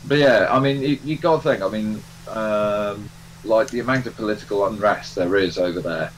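Low-pitched male streamer, rambling casual talk, humming background noise. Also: normal speed, poor audio. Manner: rambling, full of fillers and restarts. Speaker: live stream host. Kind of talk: casual chat while playing a train game.

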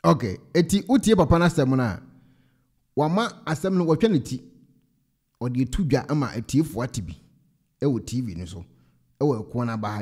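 A man's voice: medium pitch, warm tone. A man hosting a reaction show, explaining his opinion of a clip he has just played. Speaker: host reacting to a video. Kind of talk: commentary on a clip.

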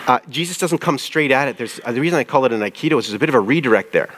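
A man who pastors a church, preaching a conversational sermon, often asking his listeners questions and reading scripture aloud slowly. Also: mid-range voice, expressive, fairly bright tone.

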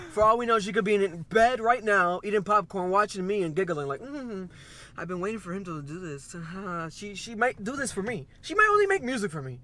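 A man co-hosting a music reaction video, casual and joking with a playful, excitable manner. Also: high voice. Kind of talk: casual chat.

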